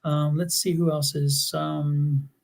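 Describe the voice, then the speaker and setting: A man's voice: a little high, takes it slowly, gravelly. A man co-hosting a live tarot stream, telling stories in casual chat. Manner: animated storyteller. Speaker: tarot reader co-host.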